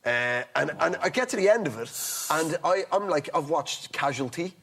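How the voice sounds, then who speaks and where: Husky-voiced man telling a rambling anecdote. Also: on the high side, animated, a bit bright. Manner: rambling, halting with many restarts; acts out other people's lines in the story. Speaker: comedian guest. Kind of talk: telling an anecdote on a comedy talk show.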